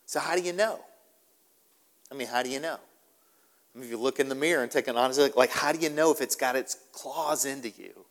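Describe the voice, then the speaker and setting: A man's voice: medium pitch, fairly quick, pauses often, big-room sound. A male pastor preaching a sermon in an emphatic style, often repeating his words for stress. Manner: animated, repetitive, emphatic.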